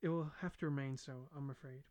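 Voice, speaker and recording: A man voicing a shy but witty young woman student in an audiobook reading, with a gentle, wry delivery. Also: medium pitch, steady tone, fairly quick, natural voice.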